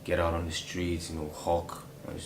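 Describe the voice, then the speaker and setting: A young man with a Nigerian accent and a very low voice talks easily in an interview, laughing often and leaning on fillers. The room is echoey, with a faint hum behind him. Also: monotone, moderate pace. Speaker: interview guest. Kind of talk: casual interview chat. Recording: roomy echo.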